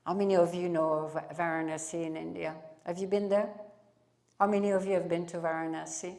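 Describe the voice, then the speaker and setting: A woman with a French accent, a spiritual teacher giving a satsang talk to a live audience, speaking in drawn-out phrases with frequent restarts. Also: on the low side, little pitch movement, vocal fry, darkish tone.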